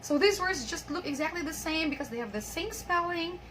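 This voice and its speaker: A young woman hosting an English pronunciation lesson, explaining rules and reading example words and sentences aloud with clear stress. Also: extremely high pitch, expressive, a little fast, fairly bright tone, a little hiss or hum, rough recording. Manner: explains with repeated filler phrases like "by the way".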